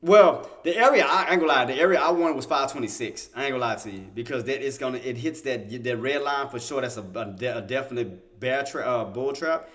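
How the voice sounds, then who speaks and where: A man's voice: medium pitch, a little fast, few pauses. A man hosting a day-trading livestream, talking through the chart live, repeating himself, restarting sentences and getting insistent. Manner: talks to himself, repeats phrases, restarts often; excited, insistent bursts. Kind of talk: live market commentary.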